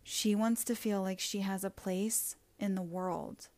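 A woman's voice: medium pitch, fairly even intonation, measured pace, a little mellow, dry recording. A woman hosting a solo podcast, speaking in an earnest, reflective way and often stacking words into short lists. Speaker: podcast host.

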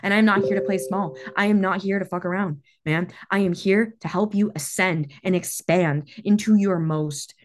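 A woman in her thirties hosting a motivational podcast, talking intensely with emphatic repetition and frequent swearing. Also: fairly low pitch. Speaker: podcast host. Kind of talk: motivational monologue.

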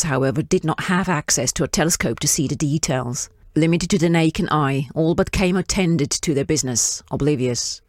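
A woman reading her own fiction aloud in a measured, descriptive way. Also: deep voice, dry recording, clean studio sound.

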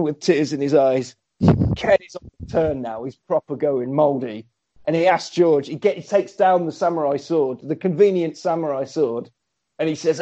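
A man excitedly recapping a horror film in casual chat, acting out the characters' lines. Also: fairly high pitch, moderate pace. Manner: animated storyteller, acts out characters' lines. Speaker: podcast co-host recapping a film. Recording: slightly dull lo-fi recording.

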